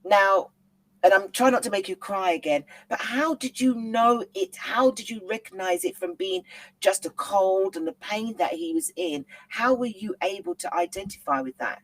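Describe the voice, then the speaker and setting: Gentle, encouraging woman host. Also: mid-range voice, moderate pace, dry recording, low-quality recording. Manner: gentle, encouraging, repeats reassurances. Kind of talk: supportive interview.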